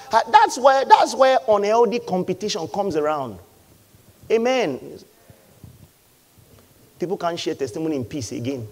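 A man preaching a sermon. He talks emphatically, repeats key lines and acts out voices from the congregation. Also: a little high. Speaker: pastor.

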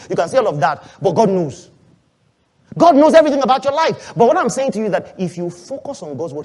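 High-voiced preaching man, dynamic. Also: lively intonation, quick pace. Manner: dynamic preaching, swings between loud and hushed, asks the congregation questions. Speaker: pastor. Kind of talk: sermon. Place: church.

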